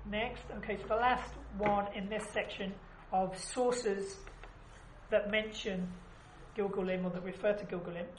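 A woman's voice: mid-range voice, steady tone, unhurried. A woman teaching an informal class, chatty and often asking "right?" as she explains. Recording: echoey room, background noise.

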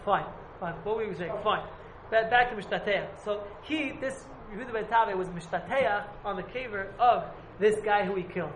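A man's high-pitched voice moves a little fast with hardly any pauses as he teaches a casual Talmud class to a few students. He rambles, repeats himself and hedges often, and the echoey room carries background noise.

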